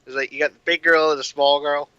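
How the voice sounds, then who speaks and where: A man's voice: fairly high pitch, level tone, quick pace, bright, forceful tone, clear, resonant tone, no room sound, highs cut off. A man in casual film discussion, talking loosely with lots of fillers and wry asides.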